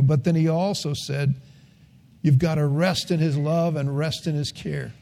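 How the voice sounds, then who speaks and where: An older man preaching with a mellow, warm tone, his pitch sitting a little high for a man. He tells folksy stories and leans into earnest emphasis. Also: steady tone, a little slow, gravelly. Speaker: pastor. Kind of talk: sermon.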